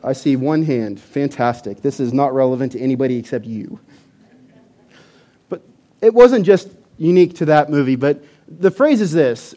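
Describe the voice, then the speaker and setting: A man preaching a sermon to a church audience, animated and emphatic, often repeating words. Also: medium pitch, moderate pace.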